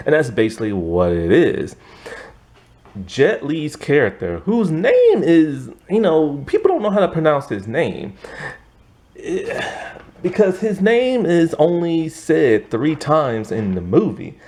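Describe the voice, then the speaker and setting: A young man from the United States talks through a film in a loose, rambling review. He stumbles over names and restarts his sentences often. His pitch is lively and swings widely as he goes. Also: takes it slowly. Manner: rambling, hesitant, many fillers and restarts. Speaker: movie reviewer. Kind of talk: casual movie review.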